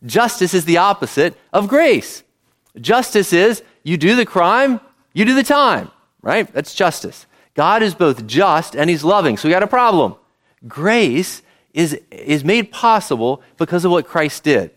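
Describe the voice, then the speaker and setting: A man's voice: high voice, very animated, unhurried, a bit bright. A male pastor giving a conversational sermon, often asking the congregation questions.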